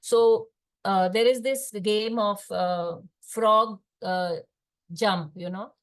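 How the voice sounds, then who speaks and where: An older woman with an Indian English accent, a speech therapist lecturing fellow clinicians in a hesitant, explanatory way with many pauses and fillers. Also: medium pitch. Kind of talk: lecture in an online case discussion.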